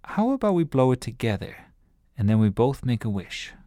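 A man reading a storybook aloud and voicing a gentle, kindly older woman who speaks softly. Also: mid-range voice, very animated, moderate pace, no room sound, clean studio sound, natural voice. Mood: tender. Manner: gentle, soft-spoken, kindly.

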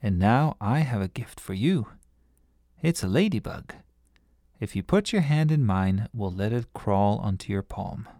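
A gruff older gardener from a storybook, dry and matter-of-fact about his lawn, as a man reads his lines. The voice is low and plain, near the reader's own, recorded close and dry. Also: expressive, unhurried, dark tone, no room sound. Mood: kind.

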